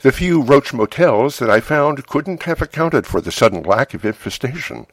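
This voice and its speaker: A middle-aged man narrating a first-person memoir in a calm, wry, measured way. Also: medium pitch, no echo.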